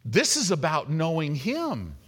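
A middle-aged man preaching an evening sermon, animated and conversational, acting out the people he quotes. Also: a little high, unhurried, slightly rough. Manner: animated, acts out quoted voices. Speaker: pastor.

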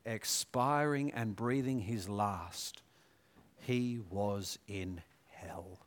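A man preaching a sermon, moving between hushed, slow passages and raised, intense scripture readings. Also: medium pitch.

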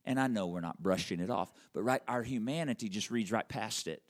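A man preaching a conversational sermon, checking in with the audience with frequent questions and slowing right down to stress key words. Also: fairly low pitch. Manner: wide swings in loudness and emphasis, drawn-out slow words. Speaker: pastor.

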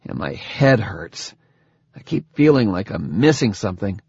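A man voicing an injured, weary male soldier in an audiobook, speaking slowly and strained. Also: lowish voice, very animated, a little mellow, breathy edge, no room sound, exaggerated voice. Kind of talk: audiobook character voice. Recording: dull dry lo-fi recording.

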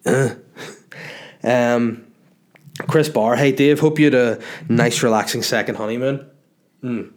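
This young comedian, Northern Irish by accent, has a steady mid-range voice and speaks a little slowly with frequent pauses. In a casual chat he reads viewer messages out loud and answers their questions, keeping it loose and jokey with plenty of swearing.

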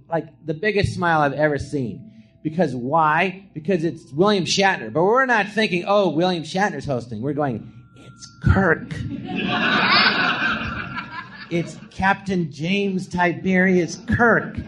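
A man, a comedian guest, telling stories in a live podcast and acting out the quotes in high, shouted voices. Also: big pitch swings, a little slow. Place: podcast theatre before a live audience.

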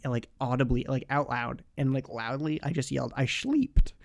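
A man's voice: medium pitch, fairly even intonation, fairly quick, gravelly. A young man chatting casually as a podcast guest, rambling and filling his talk with "like.". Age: young adult. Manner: rambling, full of "like" fillers. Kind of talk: casual chat.

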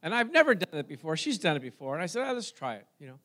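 A preacher with a high-pitched voice delivers a sermon at a very fast clip. Full of animated energy, he tells a personal story and speaks directly to his congregation.

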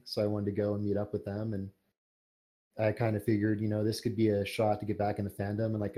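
A young man, a podcast guest who writes fan fiction, talking casually and rambling with lots of fillers. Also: fairly low pitch. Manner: relaxed, rambling with many fillers. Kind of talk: casual interview chat.

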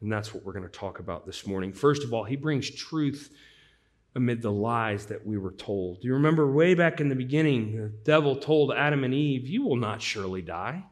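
A man's voice: medium pitch, brisk. A man from the US Midwest, a pastor, preaching an earnest sermon and telling stories conversationally. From St. Louis, US Midwest. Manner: earnest, conversational storyteller, swinging from loud to hushed.

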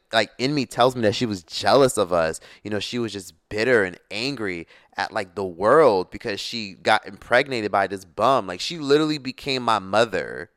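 A man's voice: lowish voice, smooth, dry recording, studio quality. A man in his twenties telling a personal story in a casual vlog, blunt and full of swearing. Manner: blunt, profane, animated storytelling. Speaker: YouTuber.

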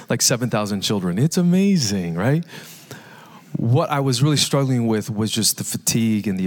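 A man in his thirties giving a lively, conversational live sermon as pastor, joking and asking the congregation questions. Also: on the low side. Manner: energetic, conversational preaching with jokes and audience questions. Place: large church hall. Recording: live church hall reverb.

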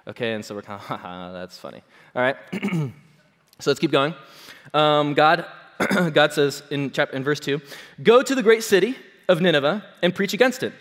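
Casual preaching man in a reverberant hall. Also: mid-range voice. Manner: conversational, animated, jokes with congregation. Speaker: pastor. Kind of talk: sermon.

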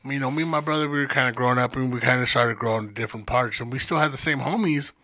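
A man's voice: medium pitch, fast talker, sharp tone, dry recording. An adult man telling a long, profane childhood story in casual chat, full of fillers like "you know what I'm saying.". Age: adult, grew up in the nineties.

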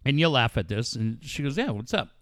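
A man's voice: medium pitch, a little fast, no room sound, studio quality. A man hosting a sports talk show, telling stories in a casual, profane way. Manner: animated, profane storytelling. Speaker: sports radio host.

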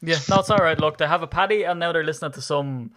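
A man's voice: on the high side, quick pace. Guy hosting a sports podcast, chatty, laughs a lot. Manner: chatty, laughing, animated banter. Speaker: podcast host. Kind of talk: casual sports podcast chat.

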